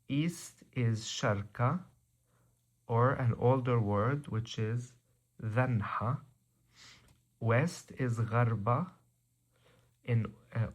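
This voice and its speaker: A man giving a language lesson, reading out words slowly and deliberately one by one. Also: medium pitch. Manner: slow, deliberate, spells out word by word. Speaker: language teacher.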